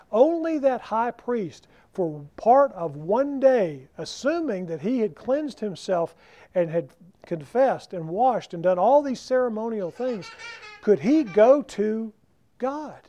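A man preaching a sermon, emphatic and slowing down to stress key words. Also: high-pitched, expressive, mellow. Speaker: pastor. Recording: dull lo-fi recording.

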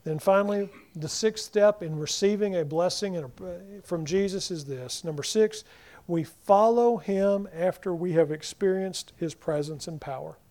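A male preacher with a high voice and a soft, mellow tone. He swings from loud emphasis down to near-whispers and acts out the people in the passages in quick voices. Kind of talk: sermon.

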